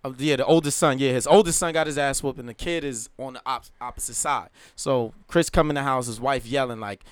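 A man's voice: mid-range voice, fairly even intonation, a little fast, clean tone, no echo. A man in a casual group chat, rambling through retellings with quoted dialogue.

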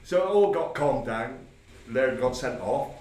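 A man past fifty spins loose, rambling football stories, restarting his sentences and acting out both sides of old exchanges. He sits some way from the mic in a roomy space. A steady hiss of background noise runs under him. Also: medium pitch, measured pace, recorded from a distance. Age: over 50. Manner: rambling anecdotes with restarts, quoting himself, laughing. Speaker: former football manager, guest. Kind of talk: casual storytelling.

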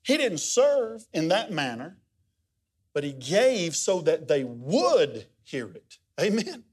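A middle-aged pastor preaches in a folksy, conversational way, slipping into stories and asides. His voice sits a little high for a man. Its pitch leaps and dips all through the sermon. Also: takes it slowly, slightly rough. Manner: folksy, conversational storytelling with lively pitch swings.

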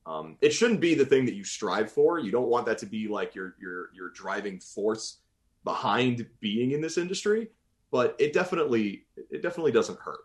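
A man from Boston talks casually as a voice actor guest. His pitch swings widely, rising and falling as he rambles. He often breaks off mid-sentence to restart, and laughs easily along the way. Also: expressive, moderate pace. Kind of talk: casual interview chat.

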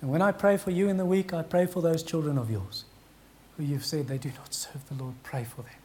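A man, a pastor preaching an earnest, pleading sermon with dramatic pauses. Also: fairly high pitch, steady tone, mellow, a little hiss or hum.

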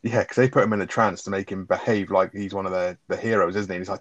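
Fast-talking man, muffled recording. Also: on the low side, no room sound. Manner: swears freely, animated retelling of scenes. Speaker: film review podcast co-host. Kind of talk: casual chat.

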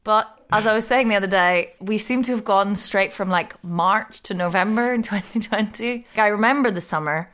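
A woman's voice: mid-range voice, normal speed, hardly any pauses, fairly bright tone. A woman co-hosting a casual podcast chat, talkative, swearing and laughing often. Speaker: podcast co-host. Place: living in Berlin.

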